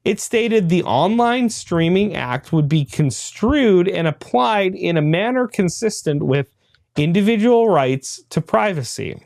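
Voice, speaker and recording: A man's voice: high-pitched, expressive, measured pace, vocal fry, a little mellow, no echo. A man hosting a podcast, reading a news article aloud and breaking off for dry, laughing asides. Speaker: podcast host.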